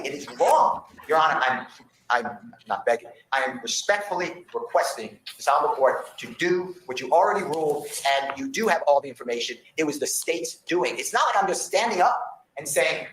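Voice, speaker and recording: A man's voice: a little high, very animated, normal speed, fairly bright tone, reverberant, a little hiss or hum, low-quality recording. A man arguing as defense attorney before a judge, impassioned and insistent, pleading his point in a courtroom. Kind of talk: courtroom argument.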